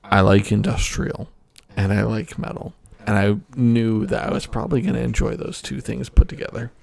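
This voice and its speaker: A man's voice: on the low side, fairly even intonation, normal speed, creaky, a little mellow. A young man co-hosting a casual podcast, tipsy and joking, swearing and laughing often as he reviews albums. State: tipsy from drinking soju. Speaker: podcast co-host.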